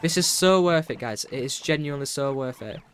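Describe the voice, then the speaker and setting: A young man in casual gameplay commentary, excitable and chatty, talking to himself with lots of fillers. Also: medium pitch, fairly quick. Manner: excitable, chatty, full of fillers and self-talk. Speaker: gameplay streamer. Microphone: desk microphone with keyboard noise.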